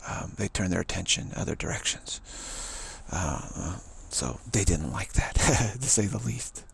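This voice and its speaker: A man telling a rambling spiritual story in a halting way, often repeating words and restarting. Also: deep voice, lively intonation, vocal fry, husky.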